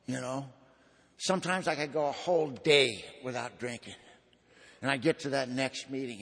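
A man's voice: medium pitch, slightly rough. Man telling his story in a reverberant hall. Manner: folksy storytelling, drawling slang, swings between loud and hushed. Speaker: speaker at a recovery meeting. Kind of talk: personal testimony talk.

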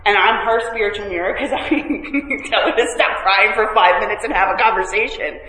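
A woman's voice: medium pitch, fairly quick, pushed and bright. A woman telling a meeting group about her recovery, with self-mocking humor and many fillers and restarts. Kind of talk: candid talk to a group. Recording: echoey hall, faint noise.

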